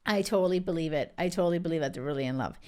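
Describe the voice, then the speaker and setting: Animated woman gushing in a vlog. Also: deep voice, racing, clear, resonant tone. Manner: animated and emphatic, lots of filler words. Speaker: vlogger. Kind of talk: casual reality TV recap.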